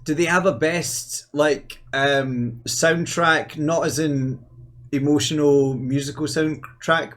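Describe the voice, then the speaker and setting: A man's voice: fairly high pitch, steady tone, slow, fairly bright tone. A man co-hosting a podcast, chatting in a playful, enthusiastic way. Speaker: podcast co-host. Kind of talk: casual chat.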